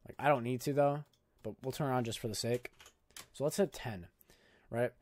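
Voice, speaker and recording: Speaking at normal speed in a mid-range, slightly mellow voice, this young man hosts a casual screen-recorded tutorial on video editing. His delivery as a YouTube host is loose, jokey and heavy on filler words.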